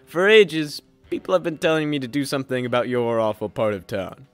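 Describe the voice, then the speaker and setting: A man's voice: mid-range voice, brisk, no room sound, soft background music, close to an everyday voice. A man voicing a pompous, scheming male city mayor who is a villain, speaking in a grandiose, theatrical way. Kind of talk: comedic audio drama.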